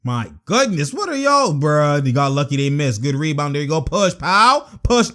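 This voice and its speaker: A young man giving excitable, slangy basketball reaction commentary and laughing often. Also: on the high side, moderate pace. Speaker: sports vlogger.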